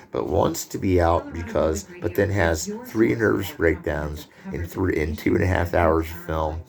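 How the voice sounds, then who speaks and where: A man gives an unscripted film lecture in a low, gravelly voice with some vocal fry. He rambles and drifts into digressions and loose asides.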